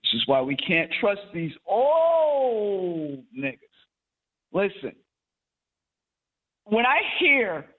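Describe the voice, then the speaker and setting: A woman calling in to a live show, making her point in a deliberate, emphatic way and leaning on key words. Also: mid-range voice. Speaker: caller. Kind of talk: call-in comment. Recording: tinny phone line.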